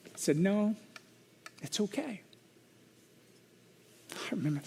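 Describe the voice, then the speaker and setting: High-voiced pastor preaching with emotion. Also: male voice, normal speed. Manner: emotional storytelling, swings from loud venting to quiet. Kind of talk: sermon.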